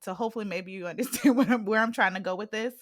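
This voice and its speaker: A woman's voice: medium pitch, very fast, dry recording, clean studio sound. A woman in her thirties hosting an interview, chatty and thinking aloud as she asks questions, laughing often. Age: 30s. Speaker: podcast host. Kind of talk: casual interview chat.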